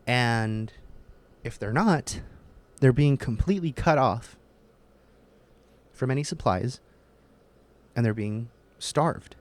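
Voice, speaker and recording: A man's voice: mid-range voice, animated, takes it slowly, long pauses, no echo. Profane, heated young man ranting. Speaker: podcast host. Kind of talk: casual ranting monologue.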